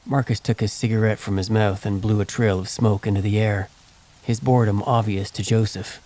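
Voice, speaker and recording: A male narrator reads a western novel in a steady, measured way. His voice sits on the low side for a man. It is plain scripted audiobook narration. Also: low-quality recording.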